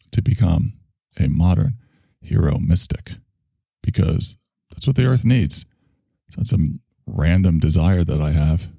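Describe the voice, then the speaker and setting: A man's voice: low-pitched, gravelly, warm tone, slightly rough, no room sound, clean studio sound. A man, a spiritual teacher, telling a rambling, digressive story in a casual monologue, swearing now and then.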